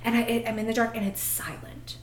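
A woman on a podcast telling a story in a casual, animated way, swearing freely and laughing often. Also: a little high, brisk, echoey room, slight background noise. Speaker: podcast host.

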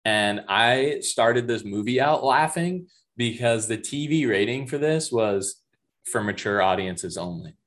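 A man co-hosts a casual movie review podcast, thoughtful and laughing easily as he asks his partner questions. His mid-range voice is animated and fairly bright, at a measured pace.

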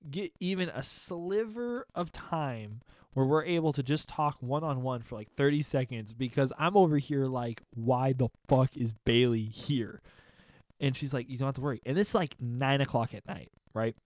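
A man's voice: mid-range voice, normal speed, a little mellow, no room sound. A young man telling a funny story in casual chat, acting out his friends' voices and laughing often.

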